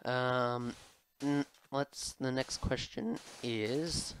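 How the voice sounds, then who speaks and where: A man's voice: mid-range voice, steady tone, unhurried, gravelly, slight background noise, low-quality recording. A young man rambling through viewer questions while he plays a game, full of ums, restarts and self-mocking asides, his throat a little sore. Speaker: gaming video host. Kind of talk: casual commentary while playing.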